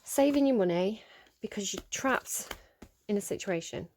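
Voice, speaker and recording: A woman giving a casual spoken tarot reading, chatty and animated, with lots of fillers and mild swearing as she scolds the cards. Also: mid-range voice, normal speed, slight background noise. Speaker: tarot reader.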